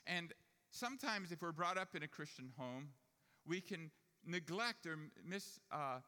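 Male preacher, storytelling sermon, bright forceful tone, long hall echo. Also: a little high, expressive, measured pace. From Jewish family upbringing. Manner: storytelling, rising to emphatic preaching.

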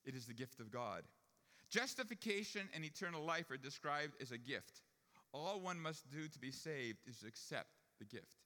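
A man's voice: fairly high pitch, lively intonation, normal speed, bright, forceful tone. Man preaching in a reverberant hall. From Jewish family upbringing. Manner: storytelling, rising to emphatic preaching. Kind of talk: sermon.

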